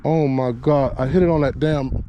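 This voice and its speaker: A man vlogging while bass fishing outdoors, talking casually and excitedly, often repeating himself. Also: normal speed, a little hiss or hum. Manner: excited, drawling, repeats phrases. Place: outdoors on the water.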